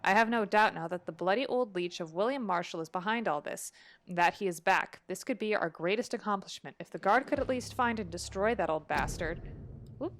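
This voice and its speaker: A woman's voice: medium pitch, fairly quick. Chatty young woman reading game notes. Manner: chatty, laughs often, reads documents in an even voice. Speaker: gaming video host. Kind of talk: casual let's play chat, reading game notes aloud.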